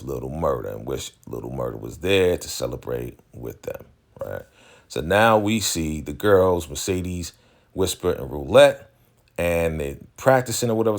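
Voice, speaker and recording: Very deep-voiced man recapping a TV episode. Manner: animated storytelling, frequent "right?" and "you know" fillers. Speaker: recap show host.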